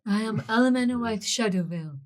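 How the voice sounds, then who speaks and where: A woman's voice: fairly high pitch, animated, brisk, darkish tone. A woman playing a tabletop game, asking curious questions in casual chat. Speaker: player.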